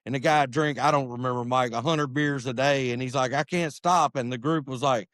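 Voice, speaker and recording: A man's voice: mid-range voice, a little fast, no echo, studio quality. A man hosting a podcast, talking casually and rambling with lots of "you know.". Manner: rambling, relaxed, many fillers like "you know". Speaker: podcast host.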